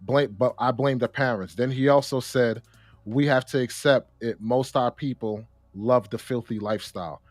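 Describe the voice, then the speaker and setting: A young adult man co-hosting a casual discussion, talking in an animated way with slang and repeated words. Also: medium pitch, normal speed, no room sound. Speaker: podcast co-host.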